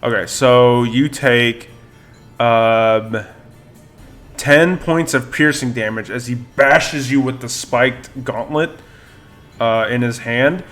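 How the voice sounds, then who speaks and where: A man acting as game master on a live stream, narrating turns and damage in a relaxed, chuckling way. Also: mid-range voice, slow pace, soft background music. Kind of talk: running a tabletop game.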